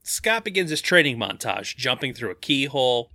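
Podcast co-host guy zipping through plot recaps, bright voice, bouncy pitch. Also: very animated, dry recording, studio quality. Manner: reads plot summaries quickly, laughs often. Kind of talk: casual podcast chat.

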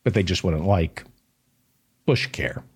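A man hosting a political commentary show, delivering an impassioned, sarcastic monologue in a husky voice. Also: deep voice, slow, darkish tone.

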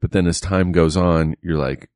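Middle-aged male co-host, low voice, dry close sound, profane animated storyteller. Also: moderate pace, dry recording. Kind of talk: casual chat.

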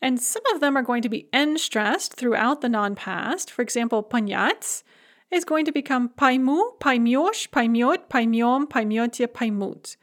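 A woman with a slightly high voice teaches a recorded grammar lesson. She is clear and methodical and walks through each verb form in careful, orderly lists. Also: a little slow. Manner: clear, methodical, drilling word forms in lists. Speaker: language teacher.

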